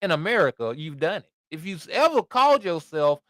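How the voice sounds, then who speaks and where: A man hosting a podcast, reading scripture aloud and preaching in an animated, conversational way with asides to his listeners. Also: fairly high pitch, brisk, no echo, clean studio sound. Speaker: podcast host and Bible teacher.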